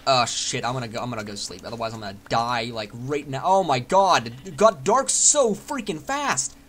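A young man giving casual, excitable commentary while playing a building game, chatting to himself and swearing freely. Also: mid-range voice, normal speed. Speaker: Minecraft let's player.

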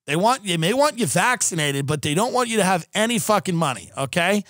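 A man's voice: sits high, big pitch swings, brisk, a bit bright, dry recording, studio quality. A man hosting a podcast, delivering a sarcastic, profane comedic rant. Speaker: podcast host.

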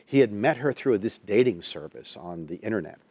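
A man's voice: lowish voice, expressive, brisk, darkish tone, breathy edge, dry recording. A man, a Christian counselor and minister, tells a personal story as a guest in a TV interview, acting out the people he quotes.

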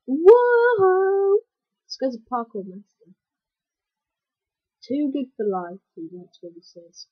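Woman, gameplay commentary, excitable, slow unhurried talk, dull lo-fi mic. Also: medium pitch, husky, no echo. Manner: excitable, yelps and exclaims at the game.

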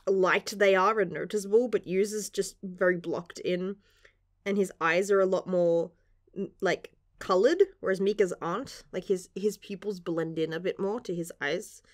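A woman's voice: lowish voice, steady tone, normal speed. A young woman reacting casually to a manga chapter, gushing and giggling, with casual swearing. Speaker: manga reviewer.

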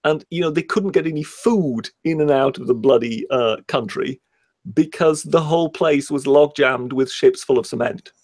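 A British man co-hosting a casual livestream chat, talking hesitantly with many pauses and slowing down to read passages aloud. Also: a little high, a little mellow, dry recording. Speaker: co-host.

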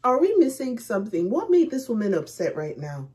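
A woman hosting a movie reaction, thinking aloud slowly and repeating herself with rhetorical questions. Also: fairly high pitch, big pitch swings, darkish tone. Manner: slow, musing and repetitive, with rhetorical questions.

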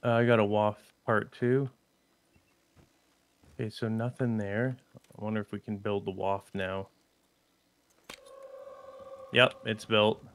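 Slow, laid-back man gaming. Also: fairly low pitch, fairly even intonation. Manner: slow, laid-back, repeats short phrases. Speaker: gaming channel co-host. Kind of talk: casual gameplay chat.

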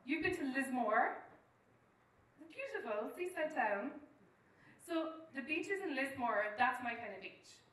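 Irish woman comic, self-deprecating storyteller, sharp, higher voice, heard from a distance in an echoey live room. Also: very animated, unhurried, pauses often. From Ireland. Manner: rambling, self-deprecating, lots of "like" and "um". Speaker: stand-up comedian. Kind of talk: stand-up storytelling with crowd work. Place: live venue with an audience.

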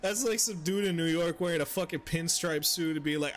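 A man's voice: on the high side, fairly quick, a little hiss or hum. A young man streaming a video game, giving casual, profane commentary and laughing often. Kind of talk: casual let's-play commentary.

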